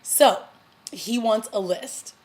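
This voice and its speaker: A woman vlogger casually recapping a TV episode, chatty and animated, acting out the characters' lines as she goes. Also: a little high, takes it slowly. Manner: chatty, animated retelling with acted-out quotes. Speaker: TV review vlogger.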